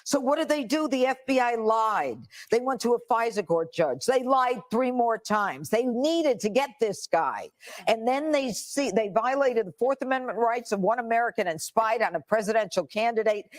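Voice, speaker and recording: A woman's voice: fairly high pitch, animated, moderate pace. An older woman, a former judge, giving indignant and emphatic political commentary.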